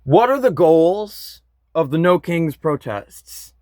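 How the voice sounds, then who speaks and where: Slow-talking, angry man ranting. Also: a little high, big pitch swings, darkish tone, dry recording. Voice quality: blunt, frequent swearing, bitter. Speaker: vlogger. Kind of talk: angry political rant.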